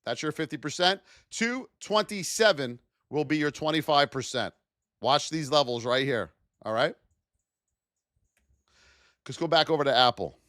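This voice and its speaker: A man streams live market commentary, reading out price levels in an energetic, playful way and teasing his viewers. His voice sits fairly high and rises and falls a lot. The sound is dry and close. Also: normal speed, long pauses, no room sound. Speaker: trading educator streaming live.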